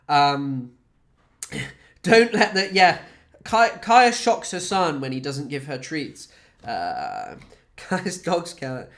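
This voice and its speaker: A Scottish man talks casually to his stream chat, rambling and sardonic, with plenty of swearing and fillers. His mid-pitched voice rises and falls a lot as he goes. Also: very animated, takes it slowly, pauses often, fairly bright tone. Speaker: streamer and comedian.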